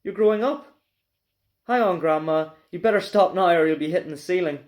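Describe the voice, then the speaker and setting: A man's voice: high voice, brisk, natural voice. A man voicing an anxious young boy in a storybook reading, pleading and worried.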